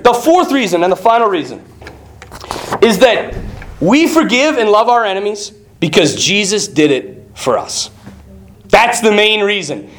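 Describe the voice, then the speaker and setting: A man preaching a conversational sermon, telling stories with frequent laughs and casual asides. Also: high-pitched. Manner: animated, laughs often, casual "you know, like" asides.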